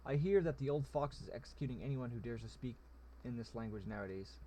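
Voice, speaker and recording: A man's voice: mid-range voice, quick pace, dark tone, slight background noise, close to an everyday voice. A man voicing a sly, mocking male goblin general who speaks in smug, pompous phrases. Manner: smug, teasing, pompous wording.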